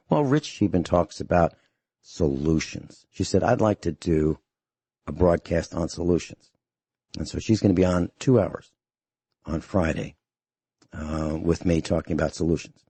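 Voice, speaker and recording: A man hosting a radio talk show, speaking steadily and repeating details slowly and carefully. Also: deep voice, mellow, slightly rough, no room sound.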